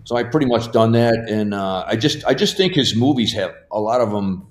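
A man's voice: lowish voice, lively intonation, a little fast. A man guest casually telling rambling stories at home, laughing as he goes. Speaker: podcast guest. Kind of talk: casual storytelling. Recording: roomy echo.

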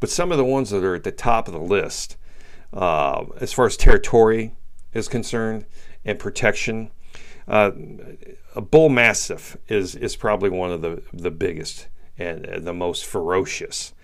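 A man's voice: fairly low pitch, normal speed. A man, middle-aged, giving an opinionated commentary monologue and repeating his points for stress. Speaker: political commentator.

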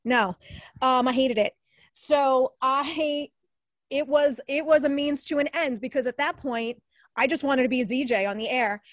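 A New York woman in her forties, a former radio newscaster, chats casually as an alumni guest on a podcast interview, laughing often and using lots of fillers. Her voice is high-pitched and a little slow, and the recording is dry.

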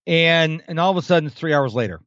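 A man's voice: a little high, lively intonation, fast, fairly bright tone, dry recording, muffled recording. A man in his fifties, a podcast guest, talking animatedly in a casual interview and acting out the people he quotes. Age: 50s.

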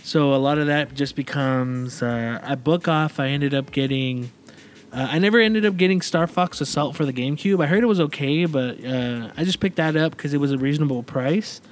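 A man's voice: a little high, normal speed. A man hosting a casual chat, telling a long story in a rambling way, with many fillers and restarts. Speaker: podcast host.

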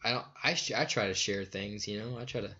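A man's voice: lowish voice, fast talker, bright, forceful tone, dull audio. A man chatting casually, rambling with lots of fillers and easy laughter. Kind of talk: casual chat.

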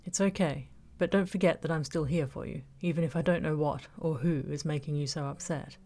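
A woman's voice: low voice, steady tone, fairly quick, warm tone. A woman reading as a nosy best friend. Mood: caring. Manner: eager, teasing, bossy. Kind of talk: audiobook character voice.

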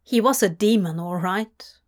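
A woman reading a fanfic audiobook as measured scripted narration. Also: mid-range voice. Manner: slow, measured storytelling.

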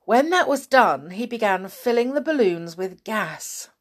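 A woman narrating a children's story aloud in an expressive, dramatic storytelling manner. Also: fairly high pitch, a little slow.

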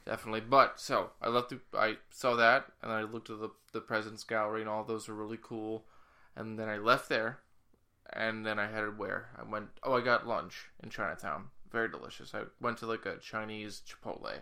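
A young man telling a rambling story in a casual chat, now and then shouting to imitate someone. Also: lowish voice, fairly even intonation, brisk. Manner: rambling storyteller, loud bursts when imitating others.

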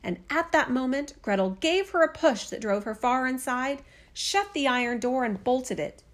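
A woman narrating a fairy tale in a steady, expressive storytelling voice. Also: high-pitched, moderate pace. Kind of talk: fairy tale read-aloud.

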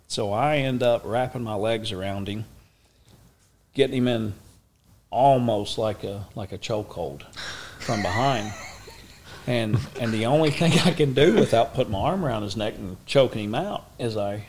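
A middle-aged man tells a story in a casual, animated way and acts out what people said. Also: fairly low pitch, normal speed. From Oklahoma, USA. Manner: animated, acts out quoted speech, drawling. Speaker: interview guest.

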